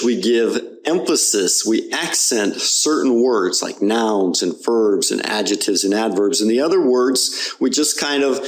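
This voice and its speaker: A man teaching English pronunciation, explaining patiently and over-enunciating words for learners to repeat. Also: mid-range voice. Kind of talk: slow, clear pronunciation lesson.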